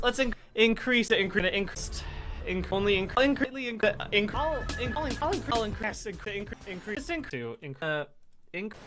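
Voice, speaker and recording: An animated man speaks in a rapid string of chopped-up single-word clips. His delivery lurches between loud bursts and quiet mutters, set over clear background music. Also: high voice. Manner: animated, jumpy delivery shifting loud and soft. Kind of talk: rapid supercut of clipped single words.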